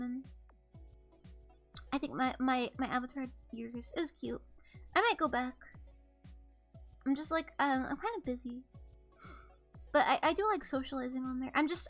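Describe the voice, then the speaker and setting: A young woman streaming, chatting casually with her viewers in a rambling, giggly way and apologizing often. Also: high-pitched. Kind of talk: casual live-stream chat.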